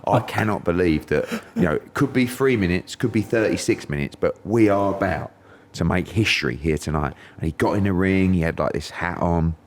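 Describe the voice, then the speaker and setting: A man's voice: deep voice, a little fast, hardly any pauses, slight background noise. A middle-aged man from England, a podcast guest telling a story in casual chat and acting out quotes in raised voices.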